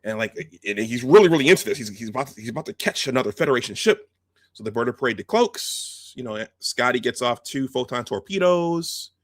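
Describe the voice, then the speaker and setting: A man hosting a video, telling a film's story in a casual, halting, animated way and acting out the scenes. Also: mid-range voice, no room sound. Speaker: host. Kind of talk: casual film retelling.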